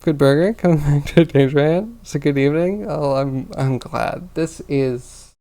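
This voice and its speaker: Exasperated gravelly-voiced male streamer. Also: on the high side, measured pace, dark tone. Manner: exasperated venting, complaining aloud to viewers. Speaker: livestreamer. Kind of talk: casual livestream chat while working on a computer.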